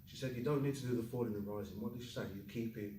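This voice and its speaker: Lively male teacher quizzing his class. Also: medium pitch, rapid-fire, echoey room, recorded from a distance, a little hiss or hum, rough recording. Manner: lively, asks the class questions, jokes. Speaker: Chinese teacher. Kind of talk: classroom lesson.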